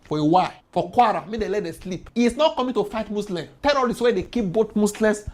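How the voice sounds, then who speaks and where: A woman's voice: medium pitch, lively intonation, fast, darkish tone. A woman with a Nigerian accent giving impassioned political commentary, firing off rhetorical questions and mixing Pidgin with English.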